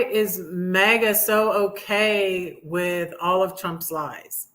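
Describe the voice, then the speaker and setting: A woman's voice: fairly low pitch, fairly even intonation, slow pace, few pauses, a bit bright. A middle-aged woman hosting a live stream, rambling and sarcastic, getting heated about politics. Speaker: livestream host. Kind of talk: casual political rant.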